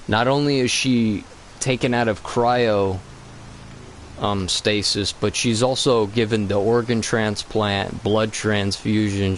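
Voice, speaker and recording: Co-hosting a gaming channel, a man rambles loosely and profanely about a cartoon movie in casual commentary. His voice is on the low side, the audio is poor, and there's slight background noise.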